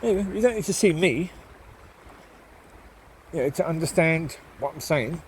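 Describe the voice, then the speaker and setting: In a slightly high, expressive, nasal voice at a moderate pace, a man rambles casually while walking his dogs outdoors among the trees. Plenty of ums fill the walk-and-talk monologue, he calls to the dogs, and there's a little hiss or hum.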